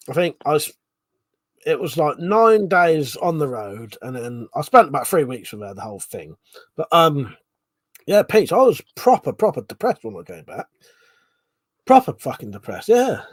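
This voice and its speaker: A man's voice: on the high side, very animated, moderate pace, pauses often, dry recording. A man hosting a casual late-night live stream chat, rambling, swearing a lot and laughing often.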